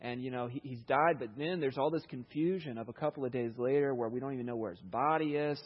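A man's voice: medium pitch, fast, hardly any pauses, slightly rough, highs cut off. A man preacher giving a sermon, retelling a Bible story in a conversational way with lots of asides.

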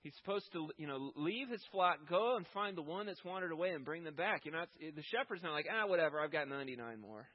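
Husky-voiced man preaching a sermon. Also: high voice, fairly quick, few pauses, highs cut off. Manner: conversational preaching, rising with emphasis when voicing God. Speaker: pastor.

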